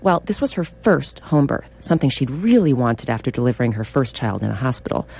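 A woman's voice: extremely low pitch, big pitch swings, brisk, vocal fry, a little mellow, husky. A woman radio reporter narrating a scripted feature story in a storytelling way.

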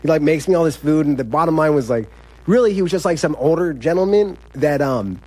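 A man's voice: on the high side, animated, fairly quick, warm tone. A young man telling a story in a rambling, casual way, saying "like" constantly. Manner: rambling, heavy use of "like", laughs often. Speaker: incarcerated storyteller.

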